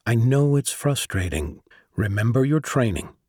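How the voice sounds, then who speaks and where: A man voicing a patient male navy commander who speaks calmly and reassuringly. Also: mid-range voice, moderate pace, slightly rough, no echo, clean studio sound. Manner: calm, reassuring.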